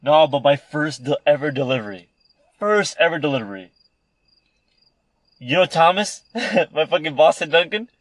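A young man spins a rambling, profanity-laced story in loose podcast chat, acting out everyone's lines. His voice sits a little high for a man, and the sound is close and dry with no room echo. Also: expressive, normal speed, long pauses. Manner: rambling, heavy swearing, acts out quoted voices. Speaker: podcast co-host. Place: indoor room, podcast recording.

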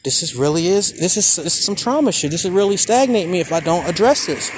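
A man in his forties from Maryland hosting a podcast, talking candidly and emotionally in slangy speech, swinging from quiet to heated. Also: sits high, animated, fast talker, noisy background. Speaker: podcast host. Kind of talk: personal monologue.

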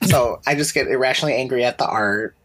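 A woman's voice: extremely low pitch, fast, breathy edge. A young woman co-hosting a podcast in casual chat, swearing freely and telling stories with mocking voices. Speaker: podcast co-host.

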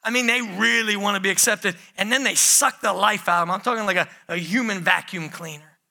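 A man's voice: high voice, brisk, creaky, sharp tone. A middle-aged man preaching a sermon, calling the congregation "church" and acting out the pleas of the people he describes. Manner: emphatic preaching, often addresses the congregation as "church", acts out quoted pleas. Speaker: pastor.

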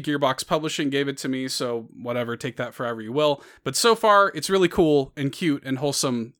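A man, co-hosting a casual gaming podcast and telling stories with lots of laughs. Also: medium pitch. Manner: animated storyteller, laughs often. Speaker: podcast co-host. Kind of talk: casual chat.

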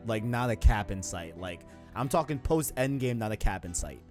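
A man's voice: lowish voice, lively intonation, moderate pace, faint music behind. A man co-hosting a casual gaming talk show, loose and slangy, often tagging on "you know what I'm saying". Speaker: podcast co-host.

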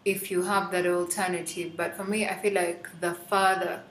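A woman's voice: lowish voice, little pitch movement, moderate pace, a bit bright, reverberant. A woman hosting a Christian podcast, talking reflectively with many fillers. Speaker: podcast host.

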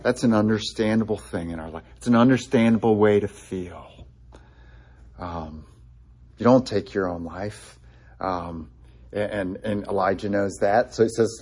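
Low-voiced guy giving a sermon, lots of ums and restarts. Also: moderate pace, a little mellow, husky. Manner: conversational, many "um"s and restarts; quotes scripture with feeling. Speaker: pastor.

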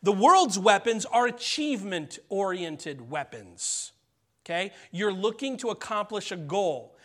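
A middle-aged man delivers a sermon in a high voice. His preaching is conversational, and he keeps checking in with the congregation. He slows down and drops to near-whispers for key phrases. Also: very animated. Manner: conversational preaching, frequent "okay?" check-ins, dramatic pauses and soft drops. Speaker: pastor.

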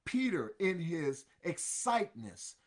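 A man's voice: a little high, sing-song, slow. A man preaching a sermon, drawing out each scripture phrase and then repeating it in plain words.

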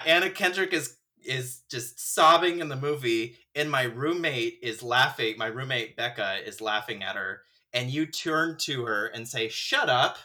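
A man with a bright, forceful voice at an ordinary pitch, swapping old stories with a friend. He tells them with energy, acting out what people said and laughing often. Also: moderate pace, few pauses. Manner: animated storyteller, acts out quotes, laughs often. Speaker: friend and fellow actor. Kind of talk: casual chat, reminiscing.

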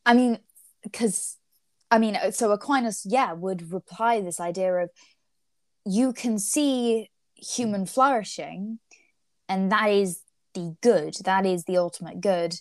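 Slow, thoughtful young woman. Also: medium pitch, no echo. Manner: thoughtful, hesitant with frequent fillers. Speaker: co-host discussing ethics. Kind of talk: casual study discussion.

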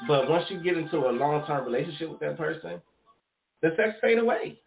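A man's voice: on the high side, a little fast, creaky, a little hiss or hum. A man co-hosting a podcast, arguing in casual, profane chat and talking over his co-host. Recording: echoey room, tinny phone-like sound.

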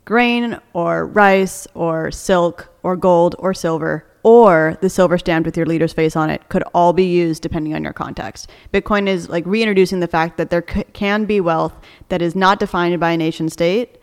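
A woman's voice: fairly low pitch, fairly even intonation, moderate pace, few pauses, smooth, big-room sound. A woman co-hosting a casual podcast, arguing her points with energy and laughing often. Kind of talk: casual debate chat.

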